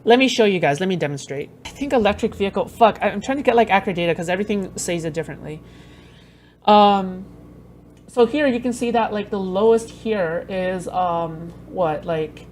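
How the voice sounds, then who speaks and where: A woman's voice: medium pitch, lively intonation, moderate pace, a little mellow, a little hiss or hum. A woman streaming, reacting to clips in casual commentary, blunt and profane, rambling with lots of fillers.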